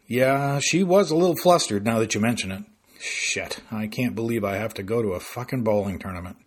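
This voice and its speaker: A man's voice: on the low side, brisk, lightly acted. A man voicing a sarcastic seventeen-year-old boy who grumbles about his plans.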